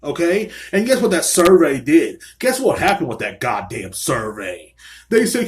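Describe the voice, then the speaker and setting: A man's voice: on the high side, very animated, moderate pace, a little hiss or hum. A man hosting a solo podcast, ranting angrily and swearing constantly from a small room. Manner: angry, profane ranting. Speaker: podcast host.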